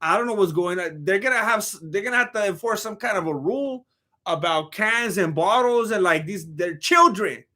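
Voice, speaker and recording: A man's voice: high-pitched, animated, normal speed, bright, forceful tone. A man streaming live, chatting casually about fights in a rambling, slangy, joking way while reading messages from chat.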